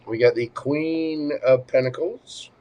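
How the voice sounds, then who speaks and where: A man's voice: takes it slowly, muffled recording, a little hiss or hum. A man reading tarot cards on a livestream in a chatty way. He greets viewers with pet names, and his voice swings up and down as he talks. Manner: animated, swings up and down in pitch and loudness. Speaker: tarot reader hosting a livestream.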